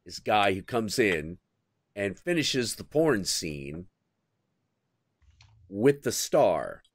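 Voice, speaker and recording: Man, stream host, unhurried delivery, swooping pitch, dry close sound. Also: no echo. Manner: animated, crude storytelling with bursts of acted quotes. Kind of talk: casual chat.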